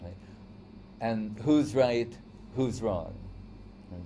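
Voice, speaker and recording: A man's voice: lowish voice, very slow, dark tone, a little hiss or hum. A man teaching a devotional lecture in a conversational storytelling way, often checking in with "right?". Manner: storytelling, acts out quoted voices. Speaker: spiritual teacher.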